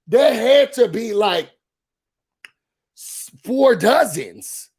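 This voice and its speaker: A man hosting a casual reality TV recap, gossipy and animated, talking straight to his viewers. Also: very high voice, extremely slow, husky. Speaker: reality show recap host.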